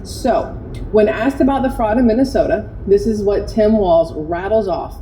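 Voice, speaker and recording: A woman's voice: mid-range voice, normal speed, warm tone, slight background noise, rough recording. A woman hosting an opinion commentary vlog, talking in a chatty, sarcastic and indignant way. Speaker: commentary host.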